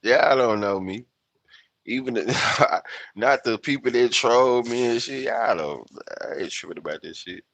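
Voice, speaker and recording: A Memphis man in his fifties chats loosely on a livestream, rambling, swearing and laughing at himself. His medium-pitched voice has lively intonation, a measured pace, vocal fry and a slightly bright tone, with no echo.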